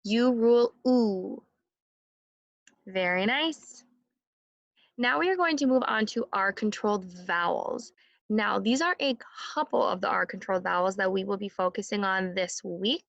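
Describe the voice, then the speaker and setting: A woman teaching a second grade phonics lesson, sounding out words slowly and clearly and having the class repeat after her. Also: mid-range voice, expressive, fairly bright tone, dry recording, muffled recording.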